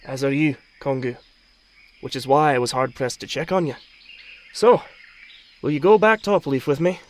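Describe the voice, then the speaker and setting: A man's voice: medium pitch, normal speed, lightly acted. A man voicing an anxious young male Matoran villager who is afraid of heights, in an audio drama. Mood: friendly.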